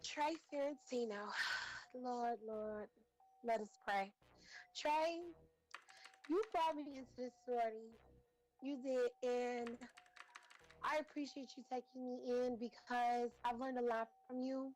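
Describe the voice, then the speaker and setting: Woman roaster, heartfelt and rambling, slightly high voice, faint music. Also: steady tone, a little slow, rough recording. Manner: rambling, warm-hearted, many fillers. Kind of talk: heartfelt tribute speech.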